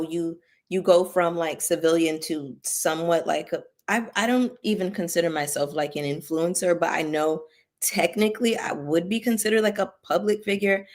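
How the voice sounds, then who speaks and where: A woman hosting a casual livestream, chatting with viewers and thanking them by name, with features. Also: sits low. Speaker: YouTube commentary host.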